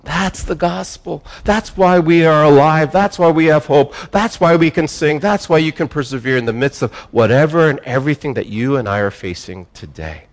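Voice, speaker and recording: A man preaching a sermon, building phrases up and dropping them low, pausing, repeating words and restarting himself. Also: lively intonation. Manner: emphatic preaching, rising and falling with pauses. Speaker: pastor.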